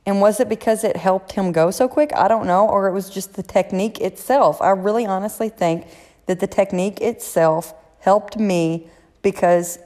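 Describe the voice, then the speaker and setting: A woman's voice: medium pitch, moderate pace, dark tone, long reverb tail. A woman hosting a casual solo podcast, giving blunt, profane, frank advice. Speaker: podcast host.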